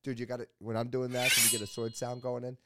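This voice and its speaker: A man's voice: mid-range voice, level tone, fast, very noisy. A man hosting a comedy podcast, telling rambling, self-mocking stories in casual chat.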